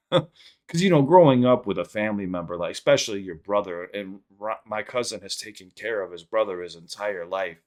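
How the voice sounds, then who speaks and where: Lowish-voiced man chatting casually. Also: expressive, a little mellow. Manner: rambling, quick sign-off plugs. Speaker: reaction channel host. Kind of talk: casual chat and storytelling.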